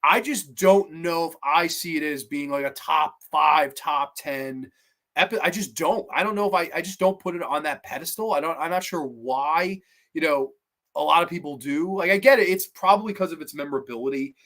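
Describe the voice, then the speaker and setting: Man, host, casual review monologue, chatty, animated, slightly higher voice. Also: moderate pace. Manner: chatty, animated, acts out quotes.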